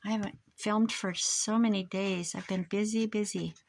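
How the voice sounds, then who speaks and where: A woman's voice: mid-range voice, fairly even intonation, normal speed, vocal fry, darkish tone, slight background noise. An older woman, a grandmother, chatting casually and rambling as she works on a craft project. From United States. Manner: rambling, chatty, talks while working. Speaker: craft vlogger. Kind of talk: casual chat while crafting.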